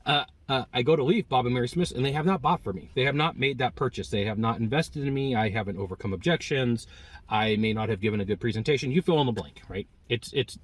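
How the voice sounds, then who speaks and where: A man talks through a sales lesson in an easygoing, story-driven way. His pitch sits in the middle range, and he jumps higher and louder whenever he acts out what customers say. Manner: animated storytelling, acting out customer quotes. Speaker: sales trainer. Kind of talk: casual spoken sales lesson.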